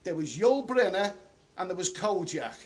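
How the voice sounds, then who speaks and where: A man's voice: high voice, very animated, slightly rough. A middle-aged man reading out live chat on a travel livestream, talking bluntly and chattily, recorded outdoors on a street. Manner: blunt, chatty, quick to snap at trolls.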